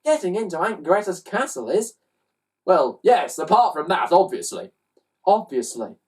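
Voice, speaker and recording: A woman's voice: fairly low pitch, very animated, normal speed, darkish tone, breathy edge, voice pushed up. A woman voicing a friendly shape-shifting slime creature that talks in a bouncy, cheerful way. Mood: matter-of-fact.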